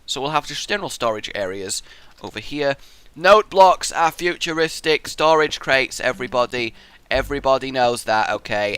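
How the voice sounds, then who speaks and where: Young male let's play host, bright and animated, chatty with muttered asides. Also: on the low side, vocal fry, a little hiss or hum. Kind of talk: gameplay commentary.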